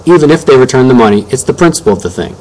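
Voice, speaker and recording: A man voicing a middle-aged father who explains things calmly, like a lawyer. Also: mid-range voice, lightly acted, low-quality recording. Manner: measured, lawyerly.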